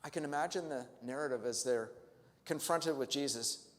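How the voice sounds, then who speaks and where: A man's voice: mid-range voice, moderate pace, big-room sound. A male pastor preaching a sermon, asking the congregation reflective questions and rising to emphatic peaks. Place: church sanctuary.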